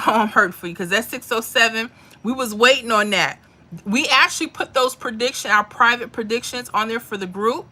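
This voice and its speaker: A woman's voice: fairly high pitch, sharp tone. A woman hosting a lottery livestream, chatting casually with viewers and calling them mama and honey. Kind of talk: casual livestream chat reading comments.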